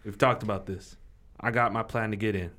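Low-voiced man barking orders in character. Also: steady tone, brisk, bright, forceful tone. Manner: bossy, profane, gives orders. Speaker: player. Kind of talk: in-character tabletop role-play. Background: music.

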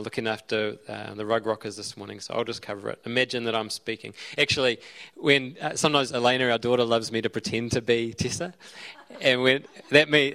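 Pastor, male, 30s, relaxed conversational sermon with digressive asides. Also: medium pitch. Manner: chatty, digressive, storytelling asides.

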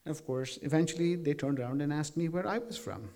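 A man's voice: fairly high pitch, fast, warm tone. A man telling a personal story on stage in an earnest, reflective way, posing questions aloud. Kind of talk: personal story told to a live audience. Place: theater stage.

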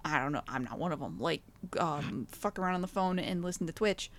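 A woman's voice: low voice, lively intonation, brisk. A woman co-hosting a podcast in casual chat, rambling and joking with lots of fillers. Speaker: podcast co-host, game developer.

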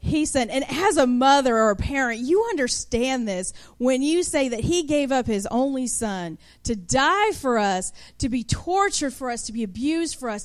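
Woman in her 30s, high voice, casual storytelling sermon style. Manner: conversational, acts out kids and mothers in asides. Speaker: preacher.

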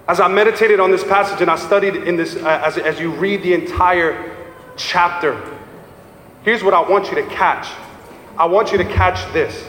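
Male pastor, high voice, preaching with fervor; recorded in a reverberant church hall. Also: normal speed, a bit bright, slight background noise. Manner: passionate preaching, acts out voices of people he quotes. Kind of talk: sermon. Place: church sanctuary. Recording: echoey hall with faint ambience.

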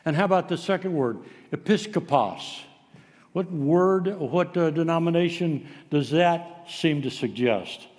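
A man's voice: on the high side, lively intonation, measured pace, a little mellow, long reverb tail. A man preaching a sermon, telling stories in a folksy way with frequent filler sounds. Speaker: pastor.

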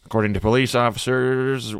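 A man's voice: mid-range voice, flat delivery, a little fast, smooth. A man co-hosting a comedy podcast, reading news articles aloud with wry, sarcastic asides. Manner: wry and sarcastic, swears, breaks into goofy voices. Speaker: podcast co-host.

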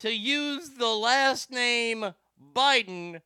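Sarcastic high-voiced male commentator. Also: very slow, pushed and bright, slight background noise. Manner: sarcastic and profane, mocking. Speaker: host. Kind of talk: political commentary.

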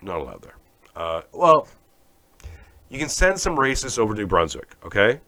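Low-voiced, profane Canadian podcast host. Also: male voice, big pitch swings, normal speed, sharp tone, no room sound. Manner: profane, rambling and sarcastic. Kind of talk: casual comic rant podcast.

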